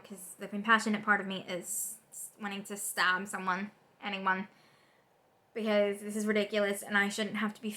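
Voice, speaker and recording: A woman political vlogger in an unscripted, angry rant, exasperated and swearing, with rapid repetitions and restarts. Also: medium pitch, sharp tone.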